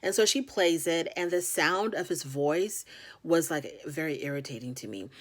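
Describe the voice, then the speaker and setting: A woman's voice: deep voice, normal speed. A woman hosting a casual reality TV recap, talking frankly and filling her speech with "like" and "you know.". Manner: chatty, frank, heavy on fillers like "you know".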